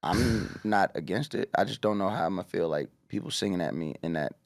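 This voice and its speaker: A man's voice: low-pitched, a little fast. A young man hosting a podcast, joking and teasing his co-hosts between show plugs. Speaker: podcast host. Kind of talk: casual podcast banter.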